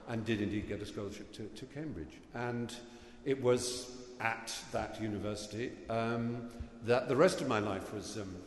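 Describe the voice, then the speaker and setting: Standing at a podium in a big hall, a middle-aged English guest speaker with a medium-pitched voice offers graduates a wry, self-deprecating talk full of anecdotes. His delivery stalls occasionally on fillers, and the echoey room adds long reverb and faint background noise.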